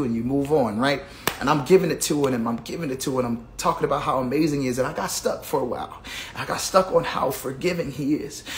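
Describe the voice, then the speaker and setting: A man sharing a personal testimony in a preaching cadence, repeating phrases and building from hushed to fervent with sudden whoops. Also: a little high. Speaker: gospel singer giving a testimony.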